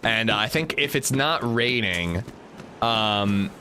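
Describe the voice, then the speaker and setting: A man's voice: lowish voice, animated, slow, sharp tone, slight background noise. A man in his thirties chatting casually on a game livestream, greeting viewers and joking between gameplay remarks. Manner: chatty, greets chat by name, jokey. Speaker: game streamer.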